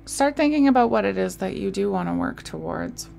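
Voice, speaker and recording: A woman giving a casual tarot reading into a desk microphone, soft and reassuring, with sighs and small laughs. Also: medium pitch, huge pitch swings, brisk, gravelly, soft background music. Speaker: tarot reader.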